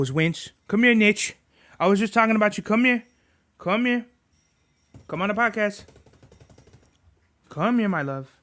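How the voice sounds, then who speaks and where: A young man with a high voice riffs through his solo podcast, swearing freely and tacking "bruh" onto his sentences. His talk is loose and rambling, full of restarts and asides. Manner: profane, rambling, slangy with frequent "bruh"; soft, cooing baby talk to his dog. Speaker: podcast host. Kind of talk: casual solo podcast chat.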